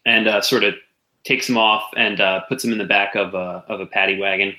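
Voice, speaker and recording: Man, game master, halting narration, fillers, echoey room. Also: lowish voice, level tone, bright, forceful tone.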